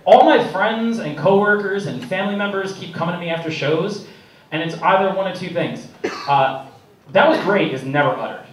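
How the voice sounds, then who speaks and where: A young man in his twenties doing a profane, self-mocking stand-up comedy routine on a club stage, with an animated delivery. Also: high-pitched, moderate pace, noisy background. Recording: echoey comedy club, distant mic, loud crowd. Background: loud audience laughter.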